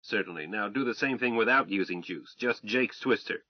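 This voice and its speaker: A man's voice: lowish voice, normal speed, dry recording, close to an everyday voice. A man voicing a confident husband in an audiobook, wry and coaching in a teasing way, on a dull, dry recording.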